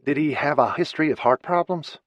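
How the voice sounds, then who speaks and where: A man playing a gentle, consoling paramedic. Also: on the high side, fairly quick, no room sound, voice pushed up, natural voice. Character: kind, steady male paramedic. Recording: slightly muffled dry recording.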